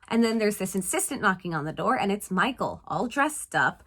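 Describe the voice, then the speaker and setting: A woman hosting a casual movie-recap vlog, talking in an animated, playful way with sarcastic asides. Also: mid-range voice, brisk. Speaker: vlog host reviewing a film.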